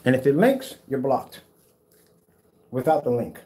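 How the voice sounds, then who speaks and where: A man's voice: mid-range voice, very animated, a little slow, warm tone. A man hosting a casual livestream, brash and teasing, trash-talking his viewers and mock soothing them. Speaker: DIY projector screen paint video host. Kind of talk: casual livestream chat replying to viewer comments.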